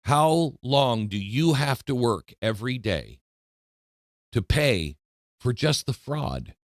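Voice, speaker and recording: A male talk show host giving a political commentary monologue, emphatic and indignant, slowing down for dramatic stress. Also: mid-range voice, very animated, dry recording, clean studio sound.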